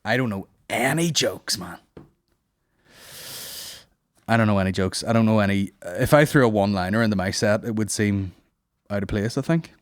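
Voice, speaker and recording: A man's voice: on the low side, a little fast, no room sound. Guy rambling on his comedy podcast, swears a lot, dry close sound. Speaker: podcast host. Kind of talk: casual comedy podcast banter.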